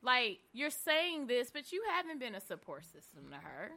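A woman co-hosting a podcast, chatting casually in slangy, animated fashion and laughing often. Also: fairly high pitch, moderate pace. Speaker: podcast co-host. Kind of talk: casual gossip chat.

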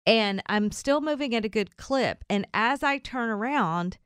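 Animated woman telling a funny story. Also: a little high, measured pace, clean tone, no room sound, clean studio sound. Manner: animated, laughing, acts out quoted lines. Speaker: radio show co-host. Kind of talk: casual storytelling chat.

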